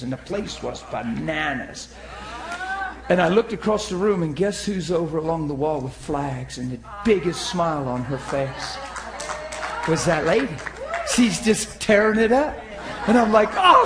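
A man preaching a sermon, telling stories and acting out the voices of the people in them, swinging from loud outbursts to hushed tones. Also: on the high side. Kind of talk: sermon storytelling. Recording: echoey room.

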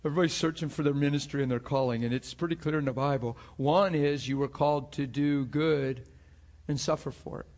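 Emotional preacher man, slightly high voice. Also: steady tone, fairly quick, a little mellow. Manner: emotional, acts out scenes with voices, laughs often. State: near tears at times. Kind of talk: sermon.

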